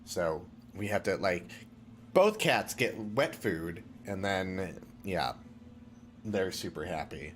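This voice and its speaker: Lively-voiced man running a tabletop game. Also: low-pitched, takes it slowly, slight background noise. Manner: chatty, rambling anecdotes. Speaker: game master. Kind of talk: casual chat on a tabletop game stream.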